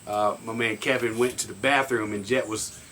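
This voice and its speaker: A man with a fairly low voice talks in a halting, heartfelt way, restarting words and filling gaps with "uh." A faint hum of outdoor ambience and crickets sits behind him. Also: steady tone, pushed and bright. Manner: halting, repeats words, many fillers. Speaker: newly found brother. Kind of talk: casual emotional chat.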